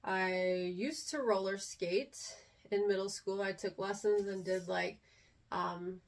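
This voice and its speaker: A woman's voice: mid-range voice, steady tone, slow. Woman, 40s, from Texas, easygoing vlogger, rambling and unscripted, mic a bit far off. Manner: meandering, unscripted, with frequent ums and trailing asides. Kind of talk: casual chat to camera. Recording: voice a little distant from the mic.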